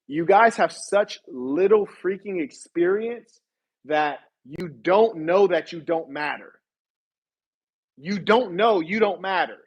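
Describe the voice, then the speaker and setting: A man's voice: sits high, slightly rough. Blunt, mocking man hosting a livestream. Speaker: host. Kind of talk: livestream commentary.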